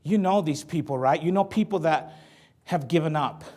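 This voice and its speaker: A man giving a motivational talk to an audience, telling stories in a lively, jokey way. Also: fairly high pitch, normal speed. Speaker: motivational speaker.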